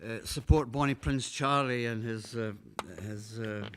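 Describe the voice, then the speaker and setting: A Scottish singer-songwriter talks casually between songs on his own live show, with guitar in the background. His voice is medium-pitched and unhurried, with fairly even intonation and a little background noise. He rambles and hesitates, using plenty of fillers, as he patiently explains things to his audience.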